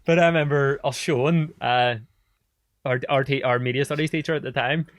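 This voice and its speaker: A man's voice: mid-range voice, steady tone, brisk, no echo, clean studio sound. A young man in his twenties from Ireland, an actor guesting on a podcast, rambling casually and swearing now and then. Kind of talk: casual chat.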